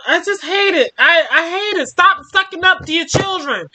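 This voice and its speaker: A young adult woman hosting a story time, reading a fan story aloud and breaking off with expressive commentary. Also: extremely high pitch, normal speed, hardly any pauses.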